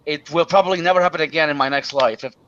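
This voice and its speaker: A man's voice: a little high, rapid-fire, sharp tone, slight background noise. A man hosting a stream, ranting casually and indignantly, stammering and swearing often. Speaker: stream host. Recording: dull lo-fi sound.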